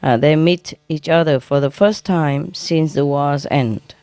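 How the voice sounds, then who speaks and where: A woman's voice: deep voice, a little slow, a little mellow, no room sound, clean studio sound. A woman, a spiritual teacher, telling jokes to an audience in simple English, laughing at her own punchlines and explaining them afterwards.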